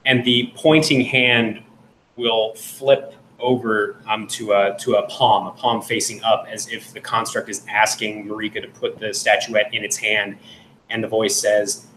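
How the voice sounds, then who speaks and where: A man with a low voice describes his character's actions in a tabletop game, pausing often and filling gaps with hesitations. His voice sounds echoey in the room, with a faint hiss behind it. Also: flat delivery, a bit bright. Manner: halting, filler-heavy. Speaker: player.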